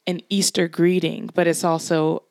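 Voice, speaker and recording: A woman's voice: on the low side, flat delivery, normal speed, a little mellow, no room sound, studio quality. A woman co-hosting a podcast, telling a story in a chatty way and laughing often. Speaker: podcast co-host. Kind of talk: casual chat.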